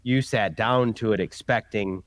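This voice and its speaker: A man in his forties joins a relaxed group conversation, speaking with a low voice. He talks in a chatty way, often restarting his sentences, and the sound is dry. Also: unhurried, dry recording. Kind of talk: casual chat.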